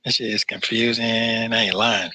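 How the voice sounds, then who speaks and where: A man's voice: on the low side, little pitch movement, normal speed, bright, forceful tone, breathy edge, dry recording. A man calling from jail on the phone, frustrated and repetitive, swearing as he talks. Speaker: jail inmate on a phone call. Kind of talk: casual phone conversation.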